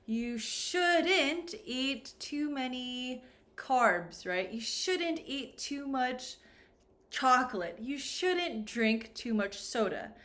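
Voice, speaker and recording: Slow, lively woman teaching English. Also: high-pitched. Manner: slow, clear, exaggerated pronunciation demos. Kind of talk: classroom-style grammar lesson. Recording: echoey room.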